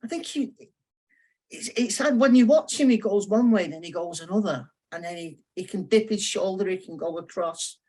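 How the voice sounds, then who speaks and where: A man's voice: high-pitched, normal speed, a little mellow. Enthusiastic man recounting football memories. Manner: enthusiastic storyteller, paints match moments. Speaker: podcast guest. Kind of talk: casual football chat.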